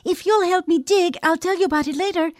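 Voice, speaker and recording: A woman's voice: very high-pitched, a little fast, dry recording, studio quality, voice pushed up. A woman reading aloud and voicing a determined young schoolgirl who speaks urgently and insistently.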